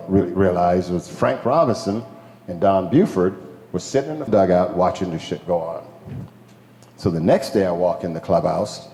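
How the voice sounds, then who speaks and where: A man's voice: sits low, a little hiss or hum. Older man telling stories, echoey hall. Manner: animated, acts out quoted people, laughs often, swears. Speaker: former pro ballplayer, guest speaker. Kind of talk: casual storytelling to a crowd. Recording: echoey hall with long reverb.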